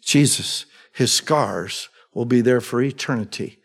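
A man preaching a sermon, asking his congregation questions and answering them himself, swinging between raised emphatic lines and soft low asides. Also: unhurried, gravelly, husky. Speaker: pastor. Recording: long reverb of a large hall.

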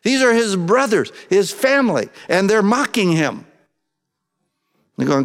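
A man preaching a sermon in a conversational way, acting out the voices he quotes and swinging from soft to loud. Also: high voice, very animated, a little slow. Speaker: pastor. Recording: long hall reverb.

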